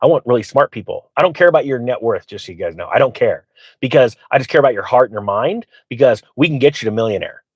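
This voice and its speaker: A man's voice: medium pitch, quick pace, breathy edge, no room sound. Dry, close-miked man telling rambling stories. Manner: rambling, animated retelling with quoted voices and frequent fillers. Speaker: channel host. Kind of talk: casual storytelling to viewers.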